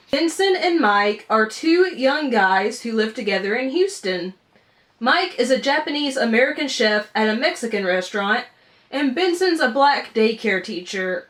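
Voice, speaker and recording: A woman's voice: a little high, a bit bright. Chatty, playful woman with a raised voice. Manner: chatty, playful, self-teasing. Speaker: book subscription vlogger. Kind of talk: casual unboxing vlog.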